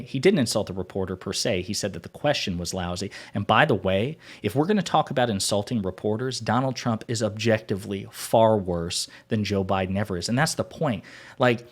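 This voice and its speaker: A male political commentator talks straight to his viewers in a fairly low voice. He argues emphatically and hammers his key points home by repeating them.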